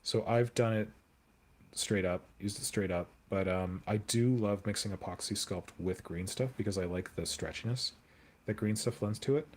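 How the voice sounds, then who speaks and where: Young guy rambling on a hobby stream, lowish voice, answers chat as he sculpts. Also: moderate pace, darkish tone. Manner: rambling, chatty, answers viewer comments aloud. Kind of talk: casual live-stream chat while sculpting.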